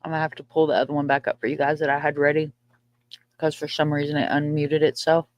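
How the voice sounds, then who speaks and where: A woman's voice: deep voice, level tone, quick pace, no room sound, dull audio. A woman with a Southern accent hosting a live stream, chatting playfully and swearing casually into a computer mic. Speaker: livestream host. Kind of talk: casual livestream chat.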